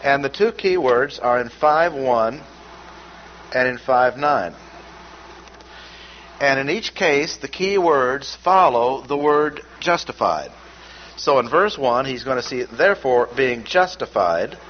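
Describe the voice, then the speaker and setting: Male Bible teacher, mid-pitched, emphatic and deliberate, dull lo-fi recording. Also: lively intonation. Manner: measured, emphatic, repeats key words. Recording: dull lo-fi recording with faint noise.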